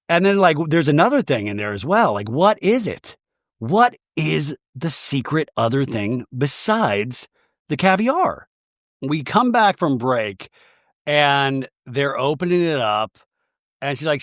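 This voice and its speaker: A man with a high, swooping voice rattles through a comedic recap of a reality show. He talks in a tight, dry close-mic sound and stays animated, ready to jump into exaggerated impressions. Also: unhurried, no room sound. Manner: animated, jumps into exaggerated voices for quoted people. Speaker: podcast host recapping reality TV. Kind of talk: comedic recap with acted quotes.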